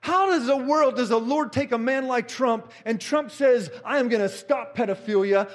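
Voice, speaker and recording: A middle-aged man preaching a fervent sermon, repeating phrases and rising to shouts. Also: extremely high pitch, normal speed, few pauses.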